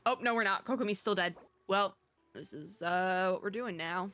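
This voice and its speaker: A young woman doing let's play commentary on a video game, animated and chatty, laughing to herself. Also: mid-range voice, moderate pace. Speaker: gaming YouTuber.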